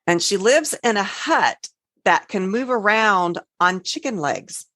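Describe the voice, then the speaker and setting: A woman's voice: mid-range voice, lively intonation, unhurried, a bit bright, no echo. A woman co-hosting a casual podcast, telling folklore stories in a chatty way and spelling out names. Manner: chatty storyteller, spells words out, trails off. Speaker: podcast co-host.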